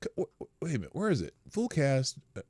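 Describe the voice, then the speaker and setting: A man talking through his morning live stream in a lively, up-and-down voice, greeting chat viewers and tossing off wry asides. The sound is dry and close to the mic, with no room around it. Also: medium pitch, fast, husky, no room sound.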